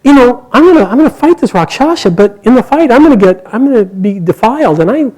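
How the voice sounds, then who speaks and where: A man's voice: very high-pitched, lively intonation, fast talker, darkish tone, voice pushed up, low-quality recording. A man voicing a huge, hungry young warrior in a told myth, eagerly scheming to eat before a fight. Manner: gleeful, eager.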